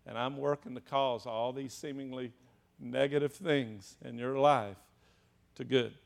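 A man preaching a sermon to a small group, swinging from hushed, low passages to loud, rising exclamations and addressing the room directly. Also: steady tone, unhurried, vocal fry.

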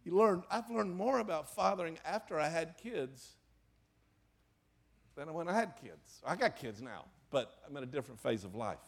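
An older man with a gravelly, slightly raised voice preaches in earnest. His delivery swings from pressed emphasis to hushed, confiding asides, and he speaks from the pulpit to a congregation. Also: fairly high pitch, expressive, moderate pace. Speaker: pastor. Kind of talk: sermon.

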